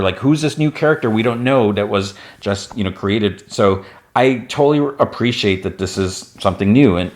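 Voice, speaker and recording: A man hosting a podcast, recapping an animated episode in a chatty, rambling way with lots of fillers and restarts. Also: medium pitch. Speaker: podcast host.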